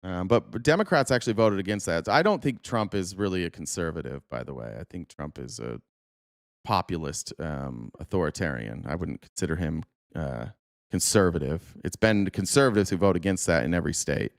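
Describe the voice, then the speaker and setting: A man live-streaming, arguing his points in a quick, rapid-fire rant. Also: deep voice, expressive, creaky, no room sound, clean studio sound.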